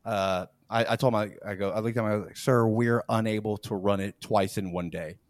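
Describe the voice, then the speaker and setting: A man's voice: lowish voice, a little fast, no echo, clean studio sound. A man in his forties, a podcast host, telling a workplace story in casual chat, acting out quotes, laughing as he goes and often restarting his sentences. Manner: animated, acts out quotes, laughs mid-story, frequent restarts.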